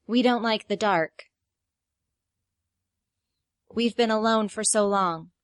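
A woman voicing eerie possessed children who speak in a slow, flat monotone. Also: medium pitch, no room sound, studio quality, pitched above the performer's own voice, natural voice.

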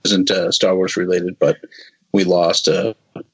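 A man's voice: deep voice, level tone, measured pace, slightly rough, highs cut off. A man in his forties chatting as a podcast guest, rambling with lots of restarts and playful little voice bits. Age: 40s. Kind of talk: casual podcast chat.

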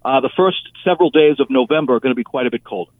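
A man's voice: medium pitch, rapid-fire, no echo. A man giving the weather on a radio show, chatting and reminiscing with lots of fillers. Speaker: weather forecaster. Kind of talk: casual on-air chat by phone. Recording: tinny phone line.

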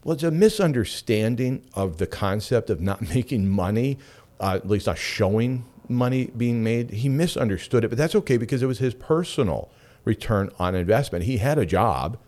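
A man's voice: medium pitch, normal speed. A middle-aged man hosting a radio show, talking casually and telling stories with frequent asides. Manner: animated, chatty storyteller with frequent asides. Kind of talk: casual talk radio monologue.

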